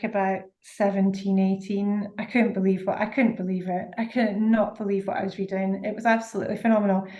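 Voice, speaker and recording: A woman's voice: on the high side, a little mellow. A woman with a Scottish accent, a guest author on a podcast, chatting effusively with many fillers and exclamations. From Scotland. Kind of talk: casual interview chat.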